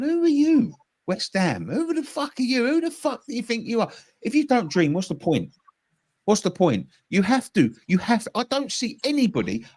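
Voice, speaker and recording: A man, a passionate football fan pundit arguing heatedly and swearing in a casual debate. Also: fairly high pitch. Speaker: West Ham fan pundit.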